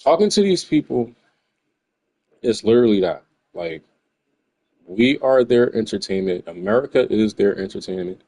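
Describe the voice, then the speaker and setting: Low-voiced, laid-back gamer. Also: male voice, expressive, moderate pace, long pauses, dark tone, no echo, low-quality recording. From New Jersey. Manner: laid-back, slangy, rambling. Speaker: gaming streamer. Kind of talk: casual commentary while playing. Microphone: USB desk microphone.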